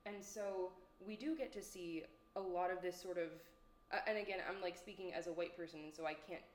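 A woman's voice: lowish voice, fairly even intonation, a little fast. A woman giving a casual spoken film review at home, rambling and hesitant with lots of fillers and restarts. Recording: echoey room.

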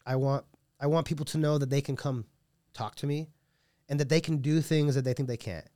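A man's voice: mid-range voice, fairly even intonation, brisk, mellow, no room sound, clean studio sound. A man speaking as a jiu-jitsu coach in a casual podcast interview, rambling and earnest with many restarts. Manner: earnest and heartfelt.

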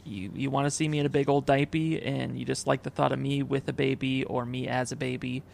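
A man's voice: mid-range voice, level tone, a little fast, creaky, slight background noise. A man co-hosting a podcast, rambling through crude joking stories in casual banter. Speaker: podcast co-host.

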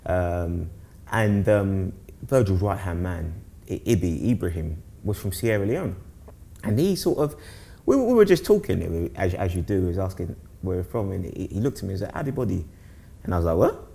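A man's voice: low voice, moderate pace, gravelly. A young man from South East London with a London accent, a guest chatting casually, rambling with many restarts. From South East London, England. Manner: rambling, repeats words and restarts often, animated when telling stories. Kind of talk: casual conversation.

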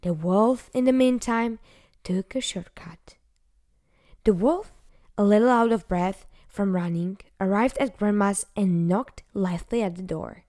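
A woman narrating a fairy tale in a gentle, unhurried storybook manner, sometimes dropping to a whisper. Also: medium pitch.

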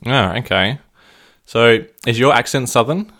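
A man co-hosting a podcast in a curious, questioning casual chat, quick to laugh. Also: medium pitch, fairly bright tone. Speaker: podcast co-host.

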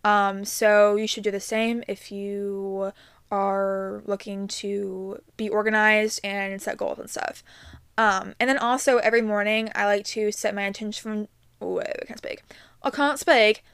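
A woman's voice: medium pitch, flat delivery, a little slow, a bit bright, clean tone, dry recording, clean studio sound. Chatty young woman podcaster. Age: young adult. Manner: chatty, upbeat, many ums and likes. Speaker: podcast host. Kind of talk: casual solo podcast advice.

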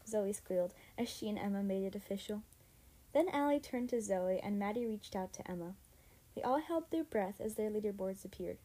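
A woman reading a middle-grade story aloud as narrator, lively and lightly voicing the girls' lines. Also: mid-range voice, fairly quick, low-quality recording. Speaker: audiobook narrator. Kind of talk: scripted narration.

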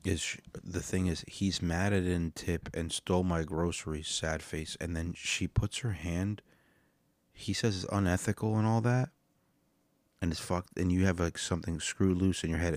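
A man with a low voice hosts his podcast, rambling and cursing his way through comic commentary. He is recorded close and dry, with no room sound around him. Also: moderate pace, no room sound. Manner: rambling, profane, animated storyteller. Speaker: podcast host reacting to videos. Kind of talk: casual comedic commentary.

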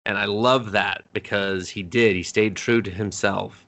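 A man co-hosts a podcast in casual anime review chat, slowly retelling a plot in a lowish voice. He acts out characters' lines with animation and swears freely.

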